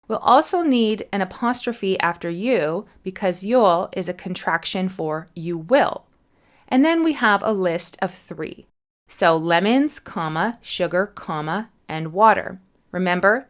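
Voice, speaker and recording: Speaking at a medium pitch, a woman runs an English lesson on punctuation. Her explanations of each answer are patient and clear, and she slowly spells out the letters.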